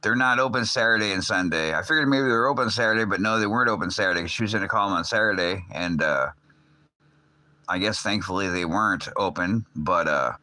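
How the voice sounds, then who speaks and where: Bright-voiced man rambling on a livestream. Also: low-pitched, a little fast, no room sound. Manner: rambling, loose, swears often, many fillers. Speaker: livestream host. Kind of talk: casual rambling livestream chat.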